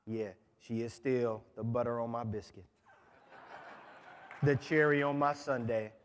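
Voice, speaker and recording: A man in his forties, a guest preacher, giving a sermon in a lively, joking, conversational way. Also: medium pitch, a little slow, a little hiss or hum. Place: large church. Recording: church with long reverb. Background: congregation.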